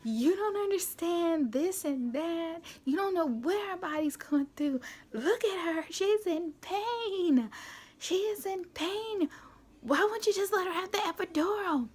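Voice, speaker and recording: A woman's voice: lively intonation, a little slow, a little mellow. A woman doing a fierce scolding mother. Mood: insistent scolding. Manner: high-pitched, scolding, emphatic. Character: fierce middle-aged mother, insistent and protective.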